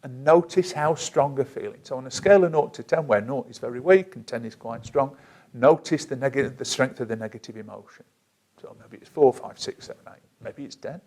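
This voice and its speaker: A man teaching a self-help technique in a calm, guided way, slowing down to give step-by-step instructions. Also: medium pitch. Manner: measured and gentle, slows down to give instructions.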